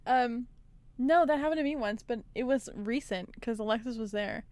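Smooth-voiced young woman telling a story. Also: fairly high pitch, moderate pace, darkish tone, no room sound. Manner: earnest, frustrated storytelling, quoting others. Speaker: podcast co-host. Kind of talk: casual chat.

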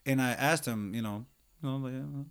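A man's voice: mid-range voice, normal speed, clear, resonant tone. Profane man telling stories on a podcast. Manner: profane, animated, does voices in his stories. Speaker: podcast host. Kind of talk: casual storytelling chat.

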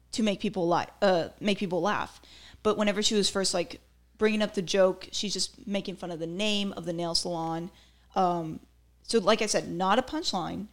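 A woman podcast host breaking down a comedy routine in casual, opinionated commentary that turns into rants, with lots of "like" and "um.". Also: medium pitch. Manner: opinionated, ranting, filler-heavy.

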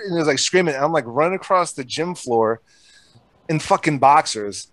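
A man telling casual, profane stories from his school days in a relaxed, chatty way. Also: on the high side, normal speed, no echo. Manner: profane, laid-back storytelling. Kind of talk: casual storytelling chat.

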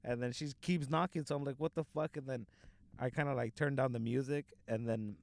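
A man's voice: mid-range voice, fairly even intonation, a little fast, vocal fry, no echo. A young man from Southern California tells a long story in loose, casual chat. He swears freely and leans on fillers constantly. The recording is dry and close. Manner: rambling, profane, filler-heavy storytelling.

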